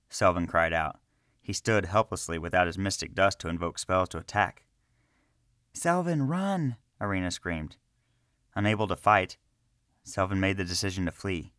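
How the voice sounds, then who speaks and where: A man narrates a fantasy story in a slow, measured reading. His voice sits very low, and the recording is close and dry, with no room sound. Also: bright, forceful tone, dry recording.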